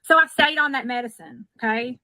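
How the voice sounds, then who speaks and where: A woman giving an earnest, confiding sales pitch, played back sped up at one and a half speed. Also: brisk, sharp tone, no echo. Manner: earnest, confiding, keeps saying okay. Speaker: product seller.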